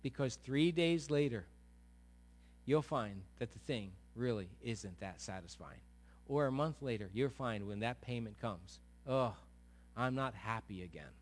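A pastor delivers an animated sermon, acting out quoted voices and swinging from quiet to loud. His voice is mid-range, and his pace is measured.

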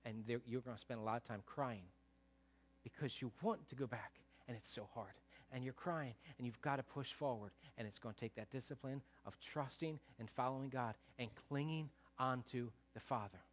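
A middle-aged male pastor preaches earnestly at a normal speed. He swings between loud bursts and soft, low asides.

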